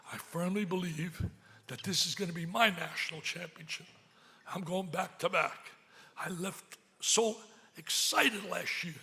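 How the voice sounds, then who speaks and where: An older man with a high-sitting voice gives an emotional speech at a charity gala, swinging from loud excitement to hushed pleading. He speaks at a podium microphone in a large banquet hall.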